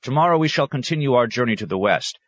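A man voicing a clever male scholar who speaks in a courteous, measured, diplomatic way. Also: mid-range voice, lively intonation, no room sound, lo-fi sound, voice pushed up, close to an everyday voice. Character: polite, clever male scholar, a traveling outsider.

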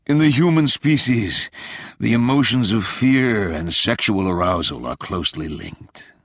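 A teasing man puts on a spooky ghost voice, pitched well up and dragged out into long moans, as a male narrator acts him out. The delivery is dry and close, with no room around it. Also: expressive, a bit bright, no echo, exaggerated voice. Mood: mock spooky. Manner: moaning, drawn-out, eerie. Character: playful man faking a moaning ghost whisper.

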